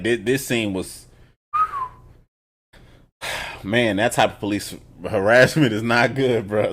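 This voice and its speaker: A man reviewing a TV episode in casual, loose chat. He swears freely and tells the story with animated energy, his pitch in an ordinary middle range. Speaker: TV show reviewer.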